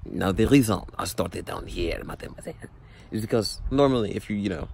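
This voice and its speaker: An over-the-top fake French accent, put on by a young man, slow and stiffly formal. The voice sits fairly low, with a faint hiss of background noise behind it. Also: big pitch swings, a little mellow. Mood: mock French.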